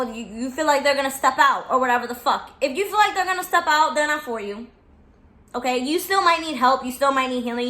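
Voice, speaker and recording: A woman's voice: a little high, sharp tone, roomy sound, slight background noise. A woman in her twenties talking candidly to camera, blunt and profane, repeating her reassurances for emphasis. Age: 20s. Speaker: vlogger.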